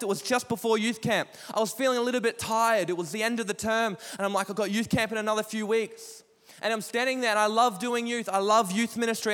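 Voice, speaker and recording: Young guy youth pastor preaching, high voice, big echoey church, keeps asking the crowd questions. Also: a bit bright. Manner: impassioned, repetitive preaching with rhetorical questions. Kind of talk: sermon. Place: church auditorium. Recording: long hall reverb.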